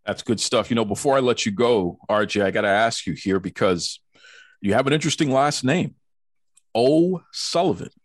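A man's voice: lowish voice, brisk, no echo, studio quality. A man hosting a podcast in casual interview chat, jokey and teasing in playful banter. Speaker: podcast host. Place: home studio in Boston.

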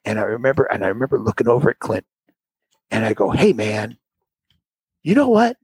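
A young man telling a long casual story over a call, acting out the quotes with sudden high voices. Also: fairly quick, breathy edge, no room sound, low-quality recording. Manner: animated, acts out quotes with big jumps in pitch. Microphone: remote call audio.

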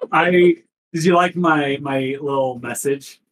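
A man's voice: mid-range voice, takes it slowly, fairly bright tone, low-quality recording. A man hosting a live stream, chatting in a laid-back way with easy laughs. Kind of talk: casual chat.

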